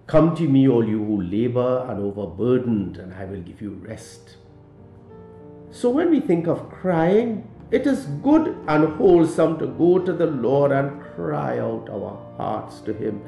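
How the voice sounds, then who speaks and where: A man delivers a short sermon at an unhurried pace, his warm, mellow voice swinging widely in pitch. He sounds like he is in an echoey room, with faint guitar music underneath. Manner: slow, measured preaching with emphatic rises. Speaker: priest giving a daily reflection.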